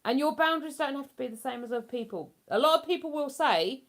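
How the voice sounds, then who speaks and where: A woman's voice: high voice, expressive, fast talker, hardly any pauses. A woman hosting a casual livestream from home, chatting in a rambling way and laughing easily. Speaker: livestream host. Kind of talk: casual live chat.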